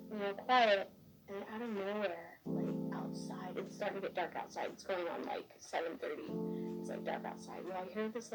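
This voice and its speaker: A woman's voice: mid-range voice, rough recording. A young woman earnestly telling a personal story in casual chat, filling her speech with "like".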